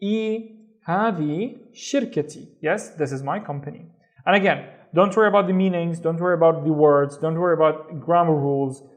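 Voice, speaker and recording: A man leads a beginners' reading lesson with a slightly raised pitch. He is patient and sounds each syllable out slowly, repeating it before moving on. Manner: patient, slow repetition of syllables. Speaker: Arabic teacher.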